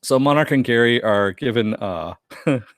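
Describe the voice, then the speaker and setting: A man casually recapping a TV episode with a co-host, animated, laughing often and acting out quotes. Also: medium pitch, normal speed, no echo, studio quality. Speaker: podcast co-host.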